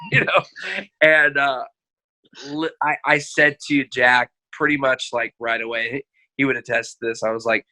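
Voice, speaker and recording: A man chatting on a podcast, telling animated stories, acting out quotes and laughing often. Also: mid-range voice, normal speed. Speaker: podcast host; marriage counselor. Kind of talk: casual podcast chat.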